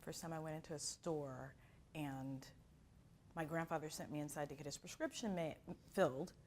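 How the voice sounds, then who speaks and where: Her voice sits low and moves at normal speed, with a little hiss or hum on the recording. She's a middle-aged woman from Miami running an acting class, animatedly sharing anecdotes and acting out everyone's voices as an expressive storyteller.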